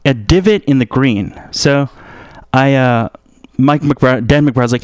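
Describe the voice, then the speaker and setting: A man's voice: medium pitch, takes it slowly, a little mellow, clear, resonant tone, dry recording, studio quality. A young man hosting a radio show, rambling through a comedic monologue with many restarts. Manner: meandering, restarts a lot, switches into put-on voices.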